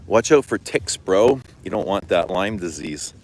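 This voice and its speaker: A man's voice: sits low, unhurried, slight background noise, poor audio. A middle-aged man from Canada chatting casually with viewers about perfume, telling stories with frequent swearing and laughter. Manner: swears freely, laughs, animated storytelling. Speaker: fragrance vlogger. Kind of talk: casual livestream chat answering comments.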